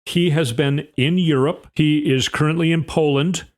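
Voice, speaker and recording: A man's voice: a little high, fairly even intonation, moderate pace. A man hosting a casual political commentary, reading news excerpts aloud with conversational asides.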